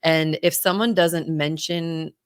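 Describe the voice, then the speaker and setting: A woman's voice: low-pitched, fairly even intonation, takes it slowly, clear, resonant tone, dry recording, studio quality. A woman hosting a podcast and coaching speakers, talking in an encouraging, affirming way. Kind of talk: conversational interview.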